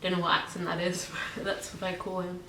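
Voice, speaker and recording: Young woman vlogger from Britain or Ireland, lowish even voice, rambling and chatty, in an echoey room with a faint hiss. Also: brisk. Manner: chatty, many ums and likes. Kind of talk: casual pet tag video.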